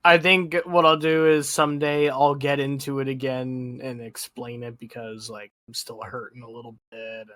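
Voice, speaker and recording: A man's voice: medium pitch, flat delivery, moderate pace, hardly any pauses, pushed and bright, dry recording. A man in casual podcast chat, subdued and making short gloomy remarks. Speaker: podcast co-host.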